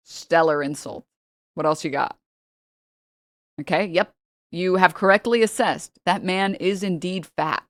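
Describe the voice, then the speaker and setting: A woman's voice: fairly low pitch, no echo, clean studio sound. A woman streamer chatting casually and mocking her subject with sarcasm. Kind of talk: casual chat.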